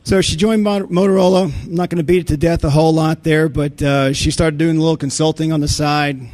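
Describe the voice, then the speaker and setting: A man's voice: fairly high pitch, steady tone, fairly quick, darkish tone. Folksy man giving a conference talk. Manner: folksy and blunt, many restarts and fillers. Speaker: conference speaker on insider threats.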